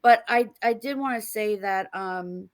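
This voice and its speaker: A middle-aged woman, a guest author on a podcast, tells stories in a lively, laughing way and acts out the people she quotes. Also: mid-range voice, unhurried. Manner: animated, laughing storyteller acting out quotes. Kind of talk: casual interview storytelling.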